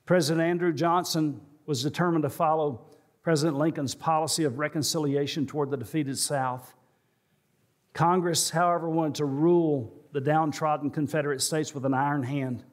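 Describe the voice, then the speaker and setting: Pastor guy preaching, kinda high voice, slows down and builds up for the big points. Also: fairly even intonation. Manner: storytelling, slows and rises for emphasis. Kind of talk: sermon. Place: church sanctuary.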